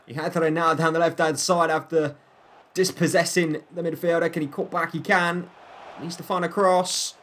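His voice sits a little high and sounds a bit bright. The young gaming YouTuber plays a football video game, calling the match like a broadcaster with joking asides and frustrated bursts.

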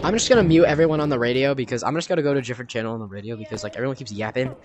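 A man's voice: mid-range voice, rapid-fire. A young man chatting casually while playing a game online with friends, joking and bossing his teammates around. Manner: joking, bossy, trash-talking teammates. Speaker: gaming video creator. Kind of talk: casual gameplay chat with friends. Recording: game audio and music behind.

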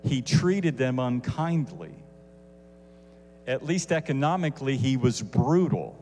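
A man teaching a Bible lesson casually, animated, with asides to his listeners. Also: medium pitch, takes it slowly, in a large hall, a little hiss or hum.

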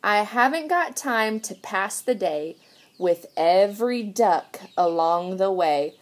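A woman voicing a self-important big dump truck in a children's storybook, in a lower, louder voice. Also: lively intonation, takes it slowly. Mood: boastful.

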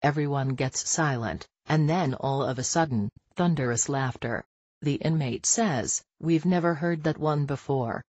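A narrator reading a collection of jokes aloud, in an even, steady storytelling delivery. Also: mid-range voice, measured pace, husky, dry recording, muffled recording. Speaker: audiobook narrator.

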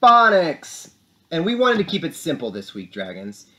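A young man hosting a school morning show, talking to young students in an upbeat, animated way. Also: medium pitch, brisk, over loud music. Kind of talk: lively kids' morning announcements.

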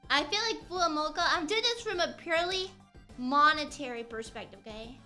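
A woman's voice: high voice, animated, moderate pace, sharp tone, soft background music. A young woman streamer chatting playfully and rambling while she crafts on stream.

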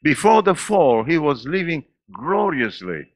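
A man's voice: very animated, measured pace, no room sound, studio quality. Man in his eighties with an accent, preaching. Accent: non-native English. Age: 80s. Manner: preaching with laughs and sudden swings in pitch and loudness. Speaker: pastor. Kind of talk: sermon. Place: church.

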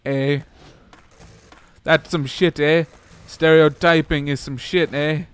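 A man's voice: fairly high pitch, steady tone, slow pace, clean tone. A man putting on a mock stereotyped Canadian voice, tacking "eh" onto every sentence in mock complaint. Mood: mock indignant.

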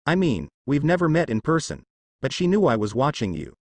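A man voicing a nervous young male satyr, talking in a hurried, defensive way. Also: a little high, big pitch swings, no room sound.

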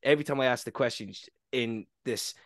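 A man's voice: medium pitch, a little fast, dry recording, studio quality. Chatty male podcast host. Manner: storytelling, stumbling over words with restarts. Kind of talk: casual conversational interview.

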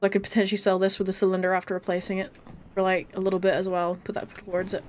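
A woman's voice: medium pitch, completely flat delivery, very fast, darkish tone, a little hiss or hum. A woman chatting casually while streaming a game, breaking into shrieks and laughs when startled. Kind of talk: casual live gameplay chat.

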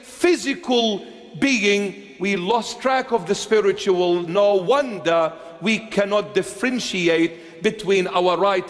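A bishop delivering an impassioned sermon to a congregation, emphatic and swinging between forceful declarations and hushed pleading. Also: male voice, high-pitched. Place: church with a congregation. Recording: long hall reverb.

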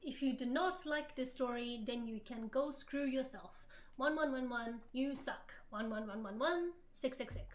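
A woman's voice: high-pitched, normal speed. A young woman streamer reading fan fiction aloud for laughs, hammy and giggly.

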